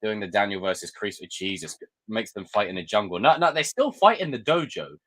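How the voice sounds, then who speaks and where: A young man chatting on a live stream, ranting and swearing in an excitable way. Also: on the low side, a little fast. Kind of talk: casual live-stream chat.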